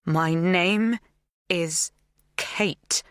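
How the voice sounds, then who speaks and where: A woman's voice: fairly low pitch, moderate pace, gravelly, fairly bright tone, no echo, clean studio sound, pitched above the performer's own voice. A woman playing a shaken young woman. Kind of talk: audiobook dialogue.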